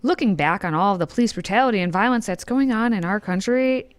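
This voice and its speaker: Smooth-voiced playful woman co-host. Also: mid-range voice, quick pace. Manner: playful, laughs often, steers back to topic. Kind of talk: casual political talk show banter.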